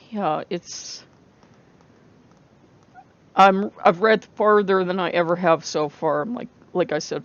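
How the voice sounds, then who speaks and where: Gravelly vlogger, rambling and candid. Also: mid-range voice, highs cut off. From United States. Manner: rambling, self-interrupting, laughs often; candid and emotional. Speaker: book vlogger. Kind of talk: casual talk to camera.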